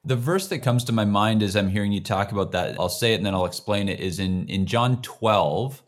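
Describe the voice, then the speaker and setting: A man hosting an interview, speaking in a fairly low voice. He reflects on scripture and restates his guest's points. His manner is thoughtful and measured. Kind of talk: conversational interview talk.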